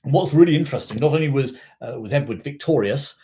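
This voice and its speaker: A man's voice: mid-range voice, fast talker, dark tone. A middle-aged man brought up in South Africa, hosting a history channel in a casual, rambling live chat, full of digressions and fillers.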